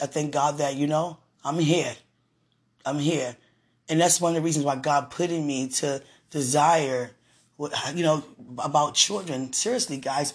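A woman's voice: sits low, breathy edge. A woman hosting a podcast, telling personal stories in a chatty way, laughing often and speaking about her faith. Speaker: podcast host. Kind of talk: casual personal storytelling.

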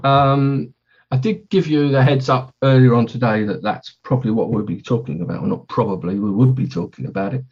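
A man's voice: mid-range voice, a little fast, darkish tone, husky, lo-fi sound. A man hosting a podcast in casual chat, rambling and correcting himself as he talks. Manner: rambling, self-correcting, chatty. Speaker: podcast host.

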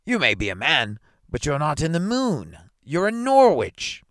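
A man's voice: mid-range voice, wildly swooping pitch, normal speed, fairly bright tone, no echo, studio quality. A man doing a brusque, stern magistrate. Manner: brusque, severe, scolding.

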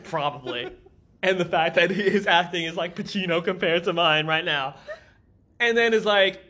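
A man with a high, bright, ringing voice chats loosely through an episode recap. He keeps slipping into mocking impressions of the characters as he retells their lines. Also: normal speed. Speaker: podcast co-host. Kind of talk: casual episode recap chat.

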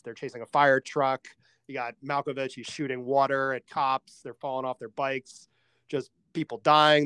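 A man co-hosting a casual movie podcast, relaxed and chuckling, peppering his talk with "like". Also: medium pitch, clear, resonant tone, no echo. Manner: relaxed, chuckling, uses "like" a lot. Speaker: podcast co-host.

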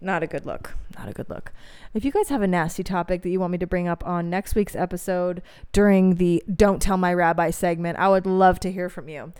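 A woman's voice: lowish voice, steady tone, a little fast, few pauses, a little mellow, clean tone. Young woman, podcast host, candid and profane, laughs a lot, casual storytelling.

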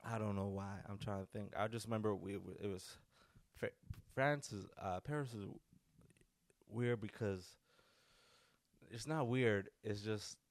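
Rambling low-voiced man, casual podcast. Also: a little slow, long pauses, dry recording. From North America. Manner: rambling, loose, with many fillers and restarts. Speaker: podcast host. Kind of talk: casual solo podcast talk.

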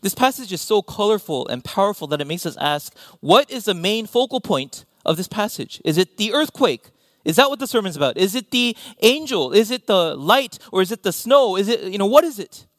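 A male pastor delivers a sermon in a fairly high, animated voice. He swings from bright emphasis to soft, almost whispered lines and slips in wry asides. The sound is dry and close, with no room around it. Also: a little fast, no room sound. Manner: animated, dropping to near-whispers, self-deprecating asides.

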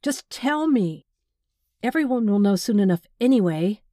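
A woman's voice: medium pitch, animated, moderate pace, warm tone, no echo, studio quality, voice pushed up, natural voice. A woman reading the part of a fierce, streetwise woman who hisses and pleads.

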